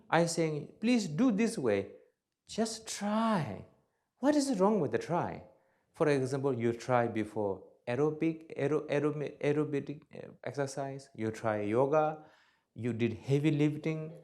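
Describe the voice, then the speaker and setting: A man giving a dharma talk as a Buddhist teacher, blunt and joking, in broken English grammar, swinging between loud emphatic bursts and soft asides. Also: a little high.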